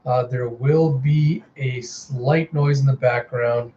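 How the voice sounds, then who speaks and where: A man narrates a comic readthrough in a casual, chatty way, retelling the scenes animatedly. His tone is dark and mellow. The home recording is slightly dull, with a fan humming faintly in the background. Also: mid-range voice, fairly even intonation, takes it slowly, slight background noise. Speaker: comic book reviewer. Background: fan running.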